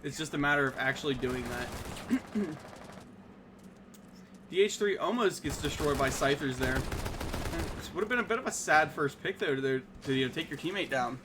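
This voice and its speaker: A man casting a live esports match with rapid play-by-play and bursts of excitement on big plays. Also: fairly high pitch, background noise. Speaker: esports caster.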